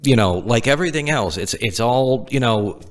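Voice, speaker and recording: A man's voice: medium pitch, animated, normal speed. Crude, teasing male podcast host. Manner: swears a lot, many fillers like "like" and "you know". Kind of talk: casual chat.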